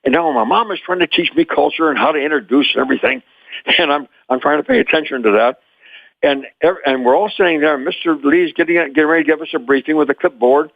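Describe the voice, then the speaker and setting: An older man in his eighties, originally from Memphis, Tennessee, tells stories with a lively, sing-song lilt and frequent chuckles. His voice comes through a thin, phone-like line with a dry, close sound. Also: fairly high pitch, quick pace, creaky, no echo. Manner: lively storyteller, chuckles often. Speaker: guest, former child actor. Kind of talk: animated storytelling interview.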